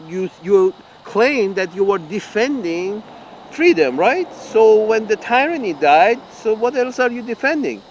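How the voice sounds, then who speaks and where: A high-pitched man, a political commentator, angrily swears his way through a political rant framed as an open letter, repeating himself and restarting sentences. The recording is muffled, with a little hiss or hum.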